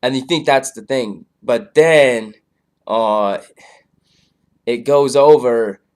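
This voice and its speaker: A man's voice: mid-range voice, slow pace, smooth. A man casually reviewing a comedy show, rambling loosely with lots of fillers. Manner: loose, filler-heavy, laid-back.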